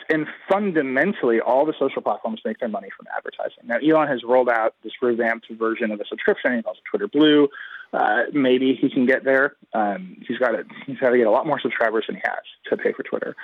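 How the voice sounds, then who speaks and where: A man's voice: medium pitch, animated, fairly quick, no echo. A man giving a guest commentary in a radio interview, analytical and emphatic, talking in long runs. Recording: dull lo-fi radio line.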